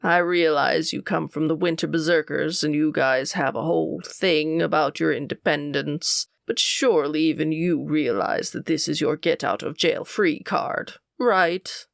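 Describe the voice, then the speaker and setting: A woman voicing a stern male school official who speaks in a cold, condescending, lowered voice. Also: measured pace, creaky, hardly any pauses, a bit bright, no echo, studio quality. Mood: scornful.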